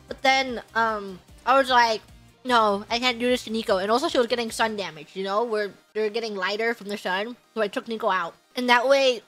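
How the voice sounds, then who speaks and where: A young woman streamer telling a story in casual chat, excitable and laughing often, with loud outbursts. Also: sits high.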